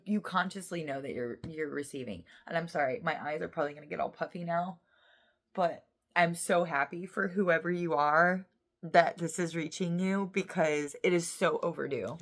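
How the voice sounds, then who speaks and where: A woman giving a casual tarot reading to her viewers, emotional and excitable, rambling with lots of restarts and half-finished thoughts. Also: on the low side. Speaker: tarot reader.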